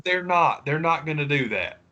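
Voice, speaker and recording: A man co-hosting a casual wrestling podcast, animated and profane, laughing often and mimicking other people's voices. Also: on the high side, moderate pace, dull audio. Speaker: podcast co-host. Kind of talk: casual chat.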